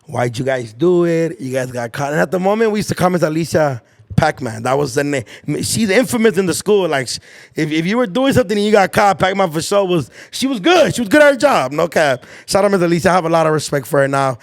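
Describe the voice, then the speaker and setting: A man's voice: sits high, fast talker, vocal fry. A young man hosting a podcast, telling school stories in casual slang, acting out the people he quotes. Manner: animated storyteller acting out quotes, heavy slang and swearing. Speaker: podcast host. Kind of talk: casual storytelling chat.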